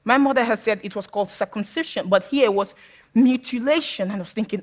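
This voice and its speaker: A woman speaker from Sierra Leone telling her own story to an audience in a fairly high voice. She talks candidly and with humor, and often breaks into laughter. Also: fast. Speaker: public speaker. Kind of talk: personal talk to an audience.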